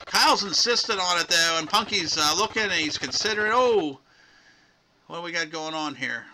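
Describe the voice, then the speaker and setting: A man with a high, light voice calls old wrestling footage play-by-play as the show's host. He gets excited and shouts on the big moves, then wanders off into loose, rambling asides. A clear layer of background noise runs under the recording. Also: normal speed. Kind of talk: play-by-play commentary over old match footage.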